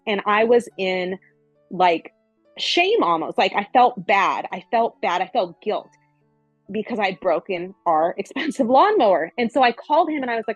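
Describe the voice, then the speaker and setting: Husky-voiced woman coaching earnestly. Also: medium pitch, dry recording, low-quality recording. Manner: earnest, repeats phrases for emphasis. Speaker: spiritual relationship coach. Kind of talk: casual spiritual coaching talk.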